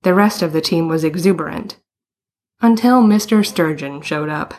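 Woman audiobook narrator, lowish pitch, even storytelling. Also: normal speed. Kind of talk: scripted narration.

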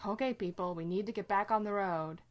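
A woman's voice: mid-range voice, a little fast, natural voice. A woman voicing a tough young male demon hunter who pushes his brother hard, talking bluntly and with rising force. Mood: urgent. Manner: blunt, pressing, raised intensity.

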